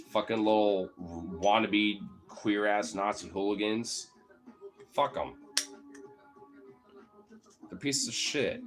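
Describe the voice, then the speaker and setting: Heated, foul-mouthed man ranting. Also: lowish voice. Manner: heated, profane and rambling. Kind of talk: casual political rant.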